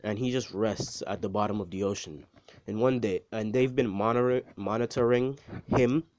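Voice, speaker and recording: Low-voiced man rambling through a story. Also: normal speed, darkish tone, muffled recording, a little hiss or hum. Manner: rambling, profane, lots of fillers and restarts. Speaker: video creator. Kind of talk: casual storytelling.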